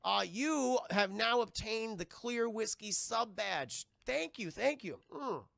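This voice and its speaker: Streamer reviewing films: animated, profane, gravelly and bright. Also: male voice, sits high, slow pace, dry recording. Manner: animated, profane, addresses chat. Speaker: film reviewer streaming to chat. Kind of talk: casual live-stream commentary.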